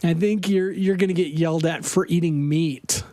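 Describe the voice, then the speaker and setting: A man's voice: a little high, steady tone, normal speed, warm tone, no echo. A middle-aged man from Denver chatting casually on a podcast, telling rambling stories and laughing often. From Denver, USA. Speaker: podcast host. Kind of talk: casual chat.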